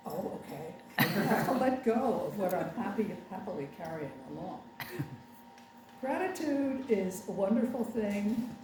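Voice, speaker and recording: An older woman minister giving a chatty, wry sermon with sarcastic asides. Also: mid-range voice. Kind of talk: conversational sermon. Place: congregation meeting room. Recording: echoey room from far off with faint background noise.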